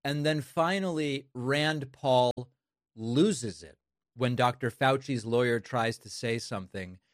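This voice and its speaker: A man's voice: medium pitch, slow, no room sound, clean studio sound. A man hosting political commentary, scornful and sarcastic as he introduces and mocks clips. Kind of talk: opinionated commentary.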